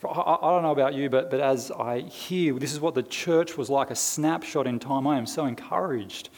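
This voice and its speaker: A man's voice: medium pitch, normal speed. Man preaching in a reverberant church. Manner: conversational, many restarts and fillers. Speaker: pastor. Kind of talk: sermon. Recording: long reverb of a church hall.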